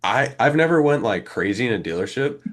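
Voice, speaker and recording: There's a little hiss or hum behind this young co-host's mid-range voice as he briskly narrates a long story on a casual podcast. In his twenties and animated, he plays out the quoted exchanges himself.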